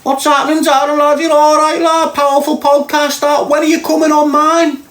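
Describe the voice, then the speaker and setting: A man from Liverpool doing a high, sing-song impression of a pushy Scouse acquaintance. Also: level tone, normal speed, a bit bright, roomy sound. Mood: mocking, cheery. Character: mocking impression of a chirpy, pestering Scouse man.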